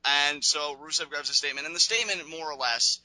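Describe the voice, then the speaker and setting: A man's voice: a little high, brisk, bright, forceful tone, no echo, poor audio. A man co-hosting a casual wrestling review show, opinionated and sarcastic, with long rambling asides. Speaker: podcast co-host.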